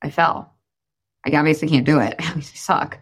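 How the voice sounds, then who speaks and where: A defeated baby whining that it can't walk, as a woman puts it on in her coaching talk. The voice sits lower than her usual bright tone and drags with sulky self-pity. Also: fairly quick, breathy edge. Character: baby girl who gives up after falling.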